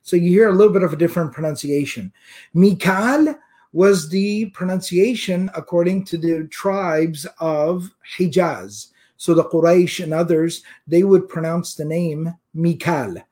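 A man teaching a religious lesson in a slightly raised voice. He explains patiently, repeating key terms slowly for emphasis. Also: fairly high pitch, steady tone, dark tone. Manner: recites Quranic verses in Arabic. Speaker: Islamic teacher. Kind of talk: religious lecture.

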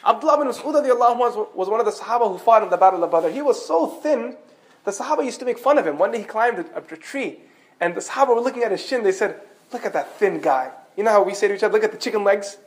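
A man gives an animated storytelling sermon at a fast clip. His voice sits high, and he breaks off now and then for light joking asides. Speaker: Islamic preacher.

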